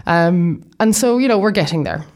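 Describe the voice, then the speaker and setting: A woman's voice: on the low side, lively intonation, moderate pace, darkish tone. A young Irish woman from Ireland, chatting casually in a vlog and rambling through plenty of asides as she explains things. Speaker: vlogger.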